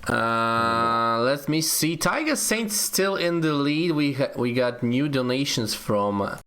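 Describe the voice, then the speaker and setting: A man reads out show updates in an unhurried, matter-of-fact way. He speaks slowly, at a mid pitch. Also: lively intonation, pushed and bright, clean tone. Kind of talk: casual sports chat.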